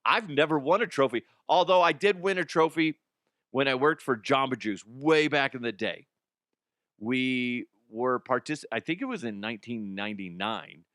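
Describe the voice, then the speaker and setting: A man in his forties from Colorado, a former radio voiceover guy, hosting a casual, profane comedy news rant, chatty and quick to laugh. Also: medium pitch, a bit bright, dry recording, studio quality. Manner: chatty, laughing, swears freely.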